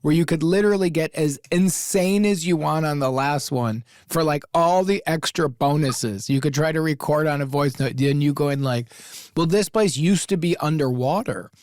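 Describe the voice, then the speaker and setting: Male co-host, upbeat comic riffer, fairly high voice, dry close studio sound. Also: moderate pace, hardly any pauses, dry recording. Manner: animated, acts out little scenes, laughs often. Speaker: podcast co-host. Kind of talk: casual comedic advice chat.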